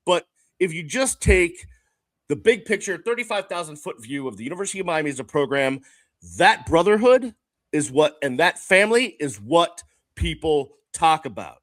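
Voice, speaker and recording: A man hosting a sports podcast, talking in a casual, measured, reflective way with frequent fillers. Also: on the high side, very animated, a bit bright, dry recording. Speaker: podcast host.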